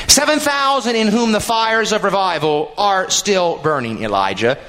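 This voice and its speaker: Animated, high-voiced male preacher. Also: normal speed, few pauses, poor audio. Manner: expressive, rising and dropping for emphasis, addresses congregation. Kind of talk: sermon.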